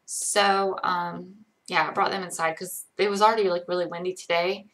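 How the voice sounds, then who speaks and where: This is a woman in her twenties from Georgia, USA, hosting a livestream and fielding viewer questions casually, rambling with lots of "likes" and "ums." She has a light, Connecticut-tinged American accent with little Southern to it. Her voice is lowish and fairly bright, with a flat delivery at a moderate pace.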